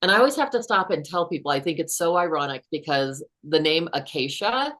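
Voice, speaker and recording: A woman in her fifties, a guest author, telling a personal story in an earnest, unhurried way. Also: low voice, big pitch swings, fairly bright tone.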